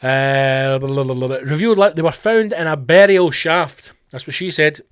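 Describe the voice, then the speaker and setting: A Scottish man hosting a comedy podcast, ranting in a profane, mocking and animated way. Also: on the high side, moderate pace, smooth, no room sound, clean studio sound. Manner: sweary, mocking, animated storytelling.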